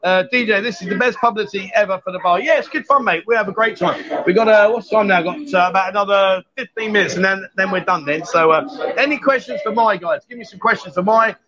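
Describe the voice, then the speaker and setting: A fairly high-voiced man hosts a joking live stream, teasing guests and reading out comments. He talks from a busy bar on a muffled lo-fi mic. A loud crowd chatters behind him. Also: fast. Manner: jokey, teasing, reads out viewer comments. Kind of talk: casual live-stream chat.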